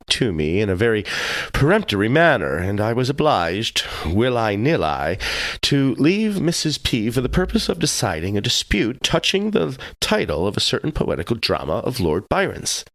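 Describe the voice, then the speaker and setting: Male narrator, wry, unhurried, lively intonation, dry close mic. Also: mid-range voice, no echo. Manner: measured, wry storytelling. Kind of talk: audiobook reading of a classic tale.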